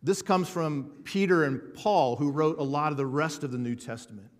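A man preaching a sermon as a pastor, earnest and building emphasis with slow repeated words. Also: on the high side. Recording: hall reverb.

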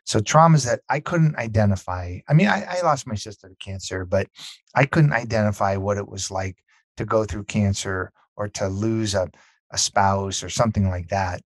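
A man's voice: on the low side, moderate pace, no room sound. A man being interviewed about his book, telling stories casually and acting out what people said. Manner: animated, acts out quotes, repeats words. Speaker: author and podcast guest.

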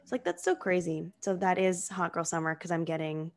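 A woman's voice: on the low side, a little fast. A young woman co-hosting a podcast, chatting casually and filling her sentences with "like". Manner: chatty, heavy use of "like" fillers. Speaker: podcast co-host. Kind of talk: casual chat.

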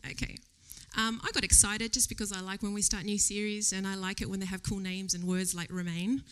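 A woman speaks to a church congregation in a casual sermon, with a bright, ringing tone. She talks in a chatty, animated way, laughs often and lowers her voice to a whisper when she quotes her own thoughts. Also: fairly quick, clear, resonant tone. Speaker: lay preacher. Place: church service before a congregation.

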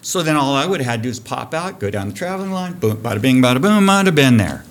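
A man in his fifties, a diving program director, telling a dive story on a podcast guest spot, animated and profane. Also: mid-range voice, quick pace. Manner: animated, profane storyteller who acts out shouting.

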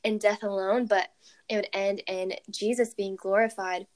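A young woman reflecting on a Bible story in casual chat, animated and full of "like" and exclamations. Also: medium pitch, moderate pace, a little hiss or hum. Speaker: co-host reflecting on scripture.

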